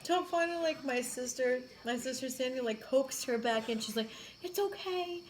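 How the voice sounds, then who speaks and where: A woman's voice: high-pitched, fairly quick, slight background noise, rough recording. A woman in her thirties chatting casually on a home vlog, telling a story with lots of filler words. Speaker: vlog co-host. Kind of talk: casual chat.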